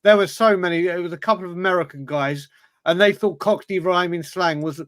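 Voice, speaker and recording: An Englishman with a high voice banters on a comedy podcast. He spins animated stories and teases his friends cheekily, all sounding dry and close to the mic. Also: a little fast, dry recording. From England. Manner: animated storyteller, cheeky teasing. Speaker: podcast co-host.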